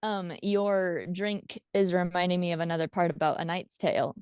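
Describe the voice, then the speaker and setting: A woman co-hosting a casual podcast chat, telling film scenes with lively enthusiasm and frequent laughter. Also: on the low side, normal speed, smooth, dry recording, clean studio sound. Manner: lively storyteller, laughs often.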